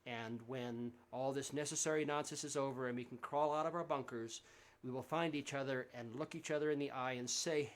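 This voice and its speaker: A man with a mid-range, fairly even, fairly quick voice talks casually between songs during a home livestream concert, recorded through his streaming setup. He's a Central Texas singer-songwriter, friendly and rambling, with many fillers and restarts.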